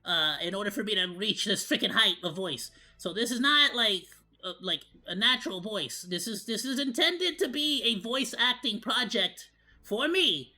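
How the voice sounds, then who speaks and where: A male VTuber talking in a put-on, high, cartoonish monkey voice, rambling with lots of fillers and restarts. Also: expressive, normal speed, bright, forceful tone. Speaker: VTuber streamer. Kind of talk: casual reaction stream.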